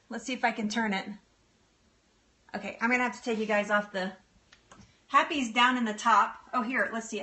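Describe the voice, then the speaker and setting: A woman's voice: fairly high pitch, pushed and bright. A middle-aged woman hosting a casual live stream, bubbly and giggly as she answers viewer comments. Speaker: livestream host.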